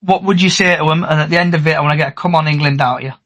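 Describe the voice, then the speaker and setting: Brisk, teasing high-voiced man. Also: fairly bright tone. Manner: brisk, teasing, leads the questions. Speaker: podcast host. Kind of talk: casual chat.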